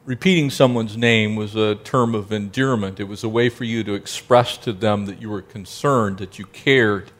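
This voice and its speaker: A man preaching a sermon, asking the congregation rhetorical questions and now and then dropping to a soft, gentle tone. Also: on the low side, steady tone, normal speed, few pauses. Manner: drops to a soft, gentle tone for quiet passages. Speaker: pastor.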